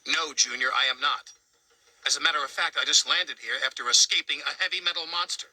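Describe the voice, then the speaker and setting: A weary tiny magical conductor. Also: male voice, fairly high pitch, fairly quick, bright, forceful tone, husky, no room sound, full character voice, poor audio.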